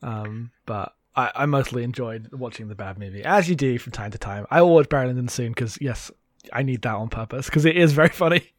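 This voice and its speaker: Over a remote call mic, a podcast co-host chats casually, rambling and laughing often as he recounts films. His mid-range voice is brisk, with studio-quality sound and no room noise.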